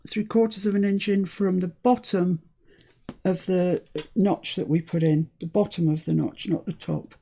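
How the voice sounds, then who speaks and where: Speaking at an ordinary speed in a lowish, steady voice, this UK crafting channel host sounds mellow and slightly rough, with a touch of vocal fry. She chats through a live demonstration, narrating each step to herself.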